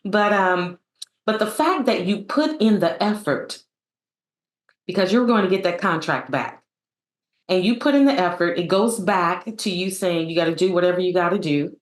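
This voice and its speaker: A woman's voice: mid-range voice, animated, unhurried. A woman hosting a conversational interview, affirming her guest and talking with many fillers and restarts. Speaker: interview host. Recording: roomy echo.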